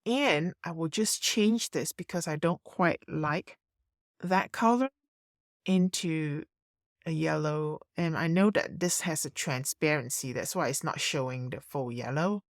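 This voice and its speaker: A woman narrating a screen-recorded design tutorial, thinking aloud in a relaxed way as she works. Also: low-pitched, measured pace, dry recording, clean studio sound.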